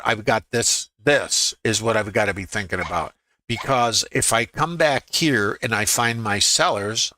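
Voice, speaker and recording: Reviewing his trades over a live screen share, a middle-aged educator thinks aloud and voices his inner monologue as he goes. His fairly low voice sounds pushed and bright, recorded with no echo.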